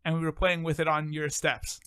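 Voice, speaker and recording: A man's voice: a little high, brisk, clean tone, no echo, studio quality. Joking young man hosting a podcast. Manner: joking and self-deprecating, animated. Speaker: podcast host. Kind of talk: casual podcast chat.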